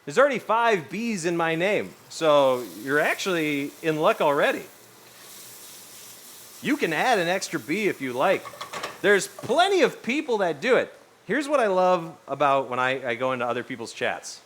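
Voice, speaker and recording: A man's voice: on the high side, moderate pace, a little hiss or hum. A young man livestreaming in casual chat, rambling and cursing freely as he talks to his viewers. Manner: rambling, animated, swears freely.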